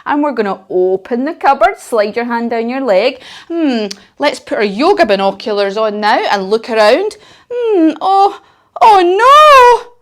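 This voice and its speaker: A woman's voice: fairly high pitch, expressive, normal speed, hardly any pauses. A woman leading a children's yoga lesson told as a story, with upbeat, encouraging and playful instructions.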